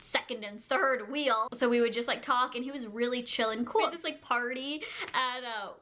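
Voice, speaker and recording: Woman vlogger, casual storyteller, giggly and chatty, bright tone. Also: fairly high pitch, moderate pace. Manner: chatty, heavy use of "like", frequent giggles.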